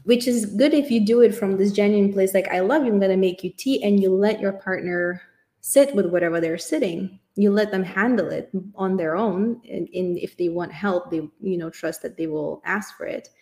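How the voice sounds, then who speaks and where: Earnest woman musing out loud, middle pitch, room echo all around. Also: normal speed. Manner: earnest, thinking aloud. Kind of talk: reflective personal monologue. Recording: echoey room.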